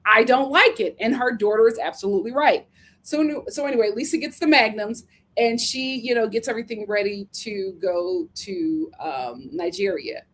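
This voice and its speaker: Woman host, sassy recap chatter, bit high-pitched, laughs through it. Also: normal speed. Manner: sassy, animated, laughs often. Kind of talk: casual recap chat.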